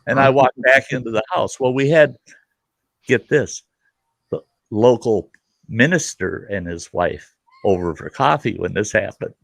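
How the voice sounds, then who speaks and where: Measured in pace, his mid-range voice carries some vocal fry, with no room sound in the recording. This middle-aged host tells a story during a casual chat, animated and swearing a lot while voicing its characters.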